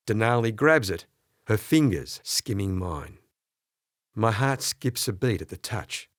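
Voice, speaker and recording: A man narrating an audiobook in the first person, expressive and storytelling. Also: medium pitch, normal speed, no room sound, clean studio sound. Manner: expressive storytelling with character voices.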